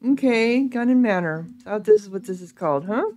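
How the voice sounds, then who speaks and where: A woman playing a video game and reading its text aloud, thinking out loud casually with hums and ums. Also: medium pitch, expressive, brisk, faint music behind. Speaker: gaming video creator.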